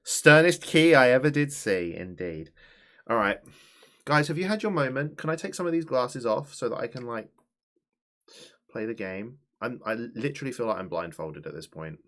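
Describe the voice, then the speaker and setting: A man streaming a game live, chatty and animated, swearing and talking to his chat. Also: medium pitch, normal speed. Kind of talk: live-stream gameplay commentary.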